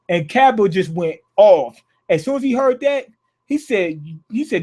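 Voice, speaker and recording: A man's voice: sits high, expressive, a little slow, darkish tone. A man reviewing an anime episode in a casual, rambling, slangy way, often restarting his thoughts.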